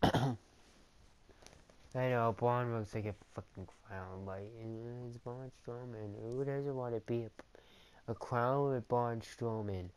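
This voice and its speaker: A man's voice: mid-range voice, fairly even intonation, slow, darkish tone, smooth. A young man giving casual gameplay commentary on a wrestling game, rambling and repetitive with plenty of swearing. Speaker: gamer commentating his match.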